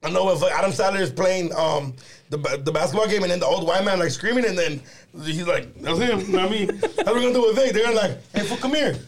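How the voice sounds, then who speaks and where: Joking high-voiced Los guy. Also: fast. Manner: joking, acts out quoted lines, swears. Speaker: podcast co-host. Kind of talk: casual chat.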